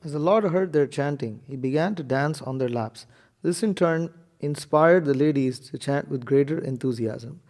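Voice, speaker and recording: A man's voice: on the high side, moderate pace, a little mellow. A man taking his turn in a group reading, reading scripture aloud steadily.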